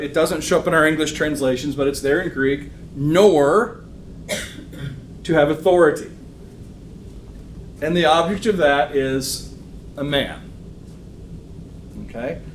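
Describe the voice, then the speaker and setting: A man teaching a church Bible lesson to a live class. He speaks conversationally, says "um" often and keeps checking in with "okay?". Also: on the high side. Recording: roomy echo, faint room noise.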